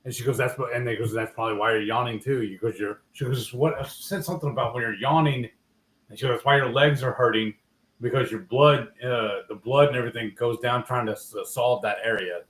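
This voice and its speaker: A man's voice: mid-range voice, a little fast, fairly bright tone. Rambling man chatting in an echoey room. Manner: rambling, self-correcting, trails off. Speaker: livestream host. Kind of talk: casual chat.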